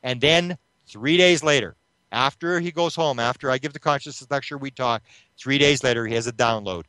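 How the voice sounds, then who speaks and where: A man's voice: medium pitch, moderate pace, clean tone, no room sound. Dry-voiced man telling a story. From Canada. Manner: animated retelling that acts out quoted voices, with restarts. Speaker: interview guest, UFO researcher. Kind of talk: storytelling in an interview.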